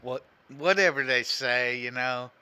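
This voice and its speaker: A man's voice: mid-range voice, measured pace, pushed and bright, clear, resonant tone. A middle-aged man co-hosting a casual podcast, rambling through trivia with lots of "you know" and frequent chuckles. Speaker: podcast co-host, father. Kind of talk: casual chat, reading trivia aloud.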